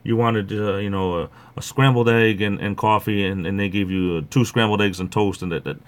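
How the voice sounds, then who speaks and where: Middle-aged man, deep voice, rambling livestream host chatter. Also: steady tone, a little fast. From Rhode Island. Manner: rambling, chatty, greets viewers by name. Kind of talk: casual chat.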